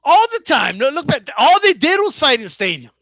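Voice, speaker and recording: A man with a high voice, ranting in a casual vlog, rises and falls all over. He swears freely, trips over his words and keeps checking "right?" with his viewers. The sound is bright and dry. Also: moderate pace, slight background noise. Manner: animated, stumbling restarts. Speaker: boxing commentator. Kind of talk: casual opinion rant.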